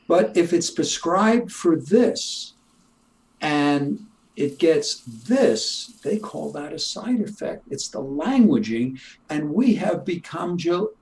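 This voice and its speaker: A man's voice: fairly high pitch, big pitch swings, takes it slowly, darkish tone, rough recording. An older man, a retired chiropractor, talking in an emphatic, preachy way in a casual interview. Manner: emphatic, preachy, laughs at his own points.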